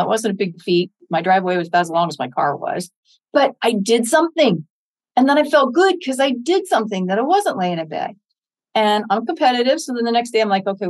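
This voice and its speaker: In a rough recording, an older American woman with a mid-range voice speaks in an interview. As a public speaker, she comes across as earnest and encouraging, dramatizing her own inner dialogues.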